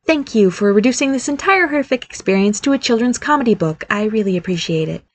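A woman's voice: mid-range voice, moderate pace, lightly acted. A woman voicing an irritable, sarcastic young man changed into a fairy in a storybook reading.

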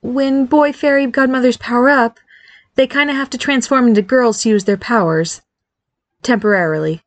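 A woman's voice: on the high side, normal speed, no echo, pitched above the performer's own voice, natural voice. A woman voicing an eager, nervous fairy godmother mother who chatters and reassures, in an audiobook reading. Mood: chatty, anxious. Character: cheerful, nervous middle-aged fairy godmother mom.

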